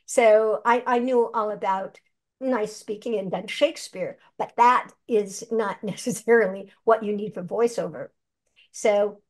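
An older woman, a seasoned actress and voice performer, telling stories animatedly in an interview. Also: fairly high pitch. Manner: animated, chatty storyteller who acts out quotes. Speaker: guest, actress and voice actor. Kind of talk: conversational interview.

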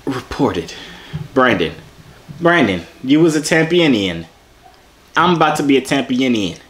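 Speaking a little slowly in a mid-range, slightly bright voice with big pitch swings, this twenty-something New Yorker flirts playfully with strangers on a video app. He peppers in street-slang asides to his viewers.

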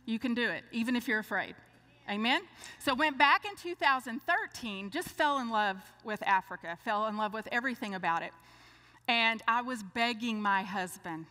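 Older woman preaching, bright voice. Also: on the high side. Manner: lively storyteller acting out dialogue. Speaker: speaker. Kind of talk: sermon. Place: church. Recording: long church hall reverb.

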